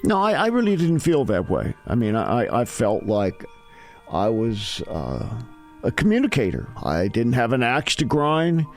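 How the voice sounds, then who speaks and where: Older man with a lively, insistent voice. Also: medium pitch, measured pace. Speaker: former radio show host. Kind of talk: interview answer.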